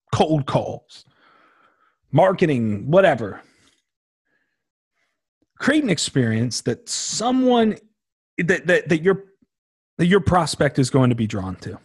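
A young man hosting his own podcast, talking casually and emphatically with a slangy, animated delivery. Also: mid-range voice, slightly rough, no room sound, clean studio sound. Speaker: podcast host. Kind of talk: casual solo podcast talk.

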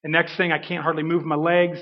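A man, a preacher giving a sermon testimony, telling his story with dramatic pauses and emphasis. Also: on the high side, flat delivery. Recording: dull reverberant hall.

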